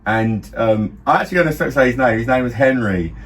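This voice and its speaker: A middle-aged man chats loosely in his podcast, tumbling through restarts and asides. His voice is mid-pitched and picked up from a slight distance, with a faint hiss of room noise underneath. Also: animated, fairly quick. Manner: rambling storyteller, many restarts and laughs. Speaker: podcast co-host, father. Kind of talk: casual chat.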